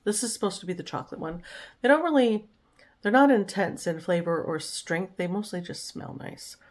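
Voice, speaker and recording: A woman chatting casually in a home vlog, relaxed and talkative, sometimes cooing to her dog. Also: mid-range voice, normal speed. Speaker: vlogger. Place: home, indoors.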